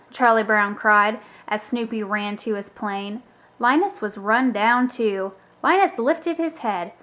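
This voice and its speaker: A woman reading a children's book aloud as a storyteller, with expressive, animated delivery. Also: fairly high pitch, slow.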